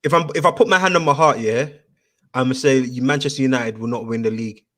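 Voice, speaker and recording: Male host, mid-pitched, animated slangy storyteller. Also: fast talker. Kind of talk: casual chat.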